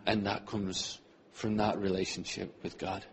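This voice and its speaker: A man giving an earnest sermon testimony in church, often trailing off softly at the ends of his sentences. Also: sits low, level tone, unhurried, background noise. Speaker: church speaker.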